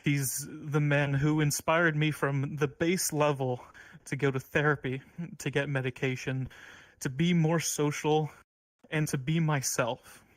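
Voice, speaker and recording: A man giving an earnest, heartfelt eulogy at an online gathering, sometimes halting. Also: on the high side, level tone, dry recording, poor audio. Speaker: eulogy speaker.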